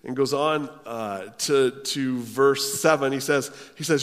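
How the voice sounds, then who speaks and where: A pastor preaching a sermon, swinging from hushed low phrases to loud, pressing lines as he quotes scripture. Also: slow pace, smooth, in a large hall.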